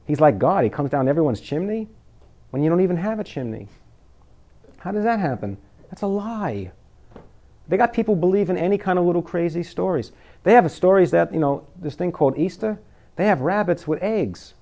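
A man's voice: sits high, very animated, brisk, mellow. A man preaching an informal sermon to his congregation, conversational and full of rhetorical questions, at times laughing at his own jokes.

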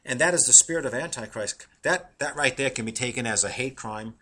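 A middle-aged man preaching a sermon, animated and laughing at his own jokes, slowing down to read verses. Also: medium pitch, slightly rough.

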